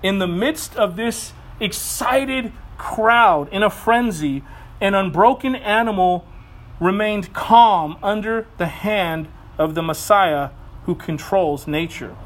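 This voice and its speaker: Casting: male pastor, thirties, light high voice, earnest preaching, animated when telling stories. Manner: earnest, animated storytelling with quick asides. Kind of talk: sermon.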